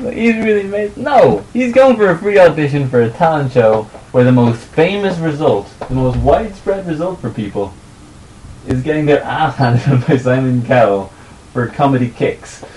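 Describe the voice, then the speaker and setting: A man co-hosting a podcast with a middle-pitched voice, teasing his partner and building wry, ranting stories. The recording is roomy, with echo around him. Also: a little mellow, slight background noise. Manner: wry, teasing, storytelling rants. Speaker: podcast co-host. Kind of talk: casual chat.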